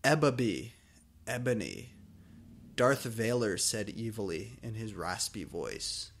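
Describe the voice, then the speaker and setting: A man's voice: on the low side, unhurried, fairly bright tone. A man giving a comedic reading of fanfiction, reading overwrought prose with mock drama. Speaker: fanfiction reader.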